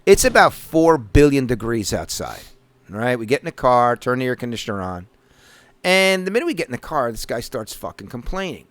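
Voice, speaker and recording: A man's voice: mid-range voice, very animated, fairly quick, a bit bright, no room sound. A middle-aged man, telling rambling stories full of swearing on a casual podcast. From Northeastern US. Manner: swears constantly, loose rambling anecdotes. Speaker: podcast host. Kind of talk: casual profane storytelling.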